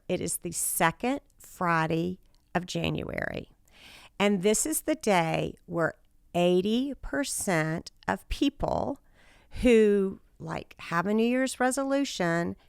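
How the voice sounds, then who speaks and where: Woman podcast host, middle-aged, gravelly with a worn rasp, dry close sound; chatty and upbeat. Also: medium pitch, a bit bright, no echo. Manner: chatty, enthusiastic storytelling. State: raspy voice after a loud night. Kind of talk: casual solo podcast talk.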